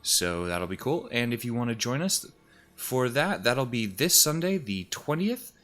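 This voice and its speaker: An unhurried man with a mid-range, somewhat bright voice and big pitch swings talks into a desk mic in a room at home. He's a YouTuber and streamer whose casual rambling is full of fillers and restarts, and he sounds a little breathless and sniffly.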